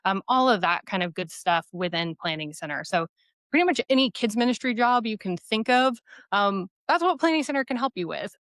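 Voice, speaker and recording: A woman guest in a casual interview who explains things in a relaxed, steady way. Her voice sits at a medium pitch, recorded dry and close. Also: brisk, dry recording. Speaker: software company guest.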